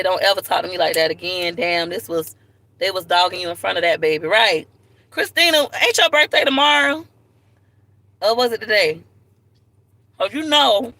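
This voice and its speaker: A young woman from Tampa chatting casually to viewers on a live video from her car, lively and direct. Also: fairly low pitch, vocal fry, poor audio. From Tampa, Florida. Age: young adult. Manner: chatty, animated, talks straight to viewers. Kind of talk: casual livestream chat. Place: in a car at a park. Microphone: phone camera.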